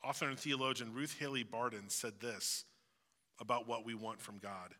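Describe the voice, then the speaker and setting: A man preaching a conversational sermon, relaxed and reflective, acting out everyday phrases to make his point. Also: medium pitch, moderate pace. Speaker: pastor. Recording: long hall reverb.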